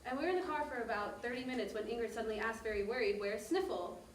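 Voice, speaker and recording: On a theater stage, an actor playing a mother tells her daughter a warm, detailed story about a family trip in a stage monologue, speaking as narrator. Her voice is a little high and fast, lightly acted, heard from a distance on an echoey stage with a bit of hiss or hum.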